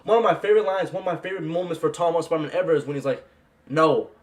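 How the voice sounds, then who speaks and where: A young man gushes about a film he loved, in an excited and casual reaction style. His voice sits a little high, and he keeps throwing in "bro" and "man" as he talks. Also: very fast. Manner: gushing, repeats "bro" and "man", bursts into yells. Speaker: movie reaction vlogger.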